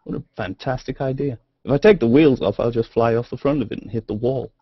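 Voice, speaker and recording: A man tosses off dry jokes in a group call. His voice is husky and rough-edged. The audio is dry and dull with no room echo. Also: medium pitch, fast talker. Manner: dry quips.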